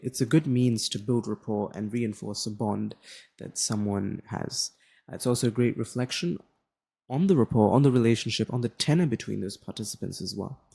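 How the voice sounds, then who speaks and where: Gravelly Australian young man tutoring. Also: on the low side, darkish tone. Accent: General Australian. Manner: rambling, many fillers and restarts. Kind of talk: casual explainer lesson.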